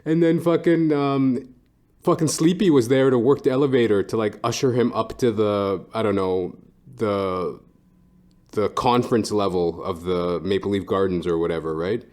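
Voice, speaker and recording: In a loose, unscripted monologue, a podcast host rambles casually at a normal pace, cursing freely and stuffing his sentences with "like" and "um." His darkish voice sits a bit lower than the average man's.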